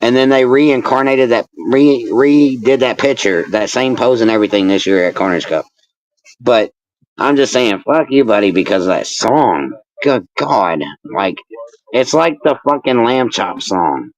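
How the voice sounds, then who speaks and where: A wrestling manager and referee, appearing as a guest in a casual interview, rants and teases while swearing constantly in an animated way. His medium-pitched voice is unhurried, and the recording quality is low.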